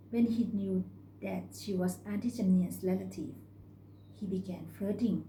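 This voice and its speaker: A woman reading a story aloud in a calm, measured way. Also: mid-range voice. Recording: roomy recording with faint hum.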